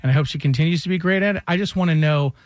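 A man's voice: on the high side, racing, no room sound. A man hosting a radio show, telling a story in a wry, casual way and insisting he is not upset.

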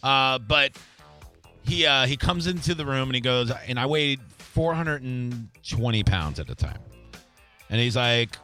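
A middle-aged man with a bright, forward voice talks casually as host and tells his stories with energy. He slips into other people's voices as he retells them. Soft music sits faintly underneath. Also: mid-range voice, a little slow. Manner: animated storyteller, acts out quoted voices. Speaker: podcast host. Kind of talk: casual chat, storytelling.

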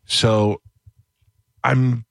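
A man hosting a talk radio show, telling a funny story and mimicking loud people in a raised voice. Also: very slow, creaky, no echo. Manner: animated, acts out other people's shouting in a higher voice.

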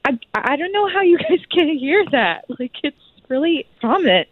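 A woman calling in on the phone, hesitant and halting, laughing nervously. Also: sits high, big pitch swings, no room sound. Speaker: caller. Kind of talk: phone call on radio. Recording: dull muffled phone line.

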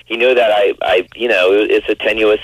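In a casual interview, a guest actor in his forties rambles, restarting often and filling gaps with "you know." His voice is fairly low and fairly even, at a normal speed. The recording is low quality, with no room sound.

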